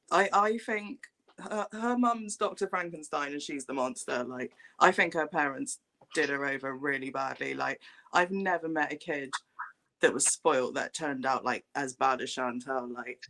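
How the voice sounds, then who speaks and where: A man's voice: fairly high pitch, normal speed, vocal fry, sharp tone. A man hosting a casual livestream chat, blunt and filling his speech with "like" at every turn. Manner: blunt, says "like" constantly. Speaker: livestream host.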